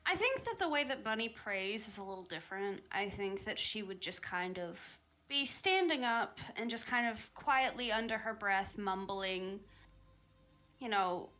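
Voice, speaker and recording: A woman's voice: mid-range voice, animated, unhurried, sharp tone. A woman playing a tabletop game over voice chat, thoughtfully describing what her character does. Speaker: player. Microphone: online voice chat.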